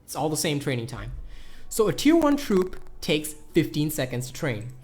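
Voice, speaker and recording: A man with a high natural speaking voice who rambles excitably, with lots of swearing and stumbling repeats, while giving a gameplay guide. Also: normal speed. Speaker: gaming YouTuber. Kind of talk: casual gameplay guide commentary.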